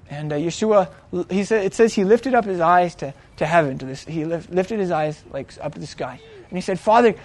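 A man with a high voice retells an old story as if talking to friends. He speaks loosely, full of fillers and restarts, and gives the characters' lines a little voice of their own. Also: a little mellow. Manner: conversational, filler-heavy, acts out quoted lines. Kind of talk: casual retelling of a Bible story.

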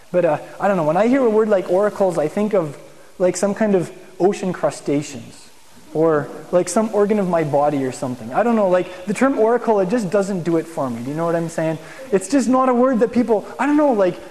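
A man with a slightly high, warm voice teaches a congregation in a conversational sermon, often asking the room questions. A long hall reverb surrounds the recording.

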